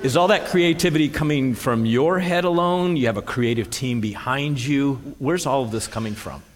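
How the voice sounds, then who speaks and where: A man's voice: medium pitch, moderate pace, long reverb tail. A man hosting a live conference interview, listing examples eagerly before asking. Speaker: host and interviewer.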